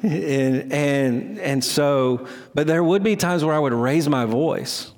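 Speaking slowly in a slightly higher-than-usual, somewhat mellow voice, a middle-aged male pastor delivers a sermon. His manner is loose and conversational, self-deprecating, with frequent restarts. A long reverb from a large hall surrounds his voice.

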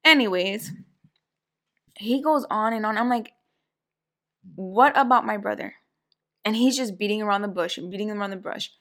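A woman's voice: medium pitch, a little fast. Young woman co-host, casual talker, acts out quotes. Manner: animated, acts out quoted voices. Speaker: podcast co-host. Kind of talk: casual storytelling chat.

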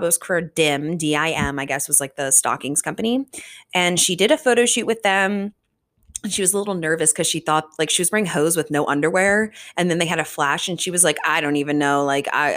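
A woman's voice: on the low side, fairly bright tone. A young woman hosting a podcast, recapping a book in a chatty, casual way, full of fillers and swearing. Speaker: podcast host. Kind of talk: casual chat.

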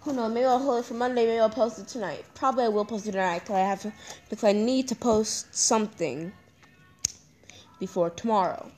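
A woman's voice: on the high side, fairly quick, darkish tone, slight background noise. A young woman hosting her own podcast, talking candidly and emotionally in a rambling, casual way. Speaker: podcast host. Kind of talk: casual personal talk. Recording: echoey room with faint ambience.

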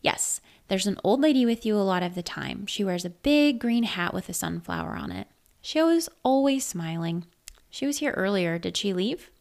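A woman's voice: medium pitch, expressive, normal speed, gravelly, a little mellow. A woman voicing an earnest, matter-of-fact young girl in a spoken story.

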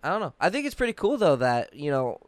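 A man chatting casually as host, with a smooth, resonant voice that swings up and down a lot. He talks loosely, full of fillers and quick laughs. The sound is dry and close. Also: a little high, very animated, no room sound. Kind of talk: casual chat.

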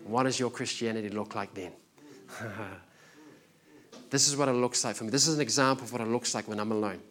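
A man preaching a sermon, earnest and direct, moving between lively storytelling and soft, prayerful speech. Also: fairly low pitch, a little fast. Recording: recorded sermon.

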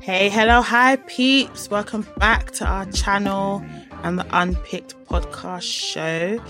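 A woman hosting a casual podcast, bubbly and quick to laugh. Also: medium pitch, steady tone, fairly bright tone, faint music behind. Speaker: podcast host.

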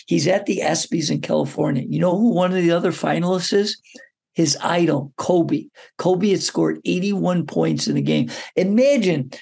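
A man, a basketball coach, telling a story as a guest in an interview, lively and often putting questions to the listener. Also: a little high, moderate pace, gravelly, breathy edge. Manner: animated storyteller who poses questions to the listener.

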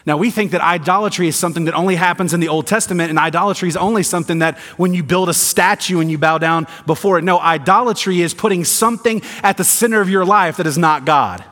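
A man from the American South, preaching a sermon that swings between quiet emphasis and rising intensity, with sarcastic asides. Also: high-pitched, fast talker, few pauses. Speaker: pastor. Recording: long hall reverb.

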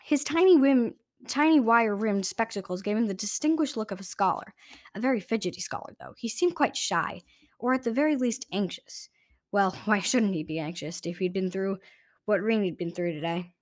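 A woman reads a storybook aloud in a steady, clear voice at an ordinary pitch. Small slips show now and then. The recording is close and dry, with no room sound. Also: moderate pace, no echo. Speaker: audiobook reader. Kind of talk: storybook narration.

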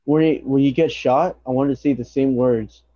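A man's voice: mid-range voice, fairly even intonation, moderate pace, warm tone, dry recording. A young man co-hosting a podcast, talking bluntly and swearing freely. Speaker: podcast co-host. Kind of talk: casual chat. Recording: dull lo-fi recording.

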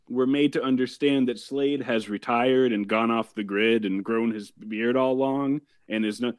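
Wry deadpan man recapping an episode. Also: mid-range voice, dry recording, clean studio sound. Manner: wry, deadpan summarizing with profanity. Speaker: podcast host recapping a TV episode.

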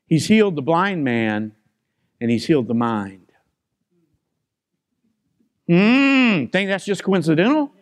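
A man's voice: high-pitched, dry recording, clean studio sound. A man preaching a sermon as pastor, stressing key phrases by repeating them and putting questions to the congregation.

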